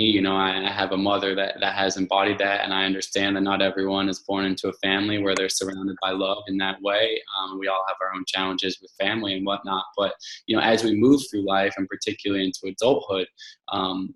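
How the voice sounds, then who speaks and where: This man's voice sits low and a bit bright, captured in a rough, reverberant recording. As a podcast guest in casual interview talk, he speaks earnestly and reflectively, with frequent fillers and restarts.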